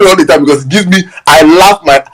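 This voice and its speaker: A man's voice: on the high side, fast, fairly bright tone, low-quality recording. A young Nigerian man with a Nigerian accent who hosts a live audio space, ranting about politics and telling stories, mixing in Pidgin, laughing as he talks and often stammering and restarting. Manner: mixes Pidgin into English, laughs through his stories, many stammers and restarts. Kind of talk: animated political rant with storytelling.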